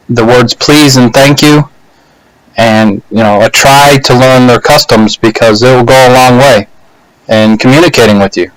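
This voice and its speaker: A man casually telling a personal story to a webcam, unhurried, with frequent pauses and fillers. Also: medium pitch, fairly bright tone, no room sound, low-quality recording. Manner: unhurried, halting, many "uh" and "you know" pauses. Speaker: speaker giving a practice speech. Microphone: laptop webcam.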